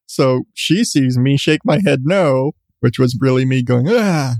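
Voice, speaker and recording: A man's voice: mid-range voice, a little slow, creaky, darkish tone, no room sound, clean studio sound. A man, host of a podcast, telling a story in a rambling, self-mocking way with frequent restarts. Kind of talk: casual storytelling.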